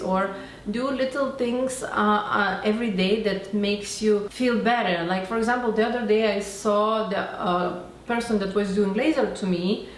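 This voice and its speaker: Chatty woman vlogging in a roomy space. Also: mid-range voice. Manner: enthusiastic, rambling, acts out quoted dialogue. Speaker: beauty and self-help vlogger. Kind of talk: casual talking-to-camera vlog. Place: home, Florida. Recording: roomy echo, faint background noise.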